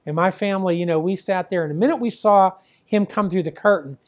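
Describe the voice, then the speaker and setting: A man's voice: high-pitched, fast talker. An older man from the Pittsburgh area, a former wrestling promoter, telling a long family story in an interview and constantly repeating "I says" and "he goes".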